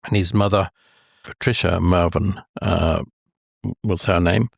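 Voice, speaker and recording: Deep gravelly older Irish man. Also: fairly even intonation, measured pace, no echo, clean studio sound. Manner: rambling, many hesitations, chuckles at his own stories. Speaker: golf historian guest. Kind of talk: anecdotal storytelling interview.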